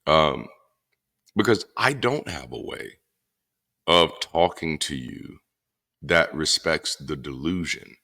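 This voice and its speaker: A former pastor in a casual monologue, speaking bluntly and profanely with animated emphasis. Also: male voice, rumbling low, slow, gravelly, pauses often. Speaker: former pastor turned atheist commentator.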